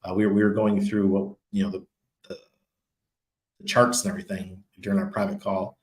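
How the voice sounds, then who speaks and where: A man's voice: deep voice, little pitch movement, a little fast. A man hosting a casual crypto livestream, reading viewer comments and answering in a loose, chatty way with lots of ums and laughs. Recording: echoey room.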